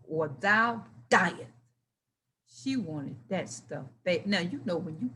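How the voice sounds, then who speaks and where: A woman's voice: high-pitched, fairly bright tone. A woman reading a Bible story aloud and breaking off into emotional, exclaiming commentary and personal anecdotes.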